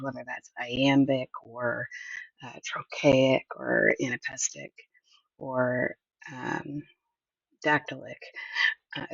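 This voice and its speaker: A woman's voice: extremely low pitch, gravelly, husky, dry recording. A woman teacher patiently explaining a lesson, thinking aloud as she goes. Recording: dull lo-fi audio, mic at a distance.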